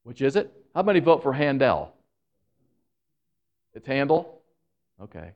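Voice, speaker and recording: A man preaching a sermon, animated and joking with the congregation, who admits he talks fast when excited. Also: mid-range voice, vocal fry, dull audio. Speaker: pastor.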